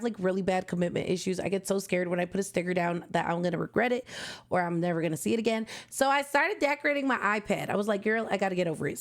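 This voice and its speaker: A woman vlogger chatting casually through an album unboxing, excitable and slangy, often gasping and exclaiming. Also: on the high side.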